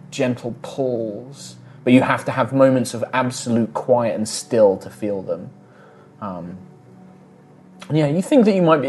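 A man narrating a tabletop game as game master, describing scenes slowly with hesitant fillers. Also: medium pitch, darkish tone, slight background noise.

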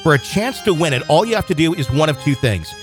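A man's voice: on the high side, lively intonation, fast talker. A man hosting a podcast, reading a direct promotional announcement to listeners. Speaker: podcast host. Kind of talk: promo read. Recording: voice over background music.

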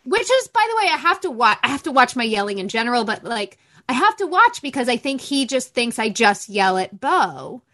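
A woman's voice: fairly high pitch, sing-song, a little fast, hardly any pauses, bright, forceful tone. A woman co-hosting a podcast, chatting candidly and frankly about parenting and swearing freely. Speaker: podcast co-host. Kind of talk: candid casual chat.

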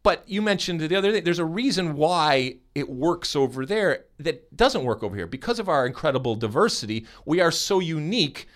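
An American man hosting a podcast in casual chat, animated and teasing, often restarting his sentences. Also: a little high, a little fast, hardly any pauses. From United States. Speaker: podcast host.

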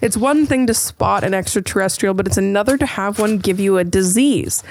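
A woman hosting a podcast, chatting casually with a playful, teasing manner and quick storytelling. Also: medium pitch, a little mellow, dry recording. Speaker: podcast host. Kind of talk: casual chat.

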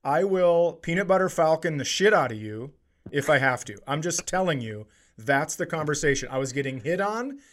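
Comedy podcast co-host, male, slightly higher voice, blunt and profane storyteller. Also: expressive, moderate pace, a bit bright. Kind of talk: casual storytelling chat.

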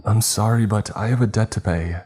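A man's voice: lowish voice, a little fast, a little mellow, husky, pitched above the performer's own voice. A man voicing a frightened young man who begs and whines in a desperate, pleading way, in a storybook reading. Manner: whining, begging.

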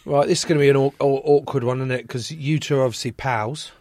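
A man's voice: mid-range voice, fairly even intonation, fast talker, a little mellow. A man from England hosting a podcast, joking around in casual chat and swearing freely. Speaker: podcast host.

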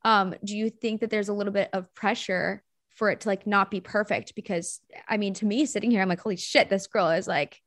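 A woman's voice: mid-range voice, fairly even intonation, brisk, dry recording, clean studio sound. A woman hosting a casual interview, asking long, rambling questions with enthusiasm. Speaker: host.

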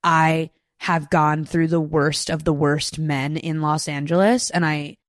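Low-voiced young woman, blunt and candid. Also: steady tone, a little slow, dry recording, studio quality. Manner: candid and blunt, heavy use of filler words. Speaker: podcast guest. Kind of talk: casual chat. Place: Los Angeles.

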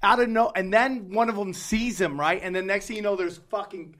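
Male podcast co-host, slightly high voice, loose swearing storyteller. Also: fairly quick. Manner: animated, profane, rambling storyteller. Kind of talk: casual storytelling chat.

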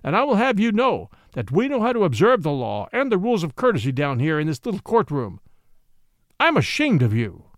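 Here is a blustering judge who roars and snarls at the witness, played by a man reading the story. His scolding pitch leaps high and drops low. The sound is dry and close. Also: wildly swooping pitch, normal speed, no echo, full character voice. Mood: outraged. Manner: roaring, fierce and scolding. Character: blustering, bullying male small-town judge.

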